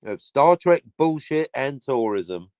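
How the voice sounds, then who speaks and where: A man's voice: medium pitch, sing-song, slow, a little mellow, smooth, dry recording. A man hosting a casual livestream, talking in a sardonic, sweary way and slipping into mock announcer asides. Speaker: livestream host.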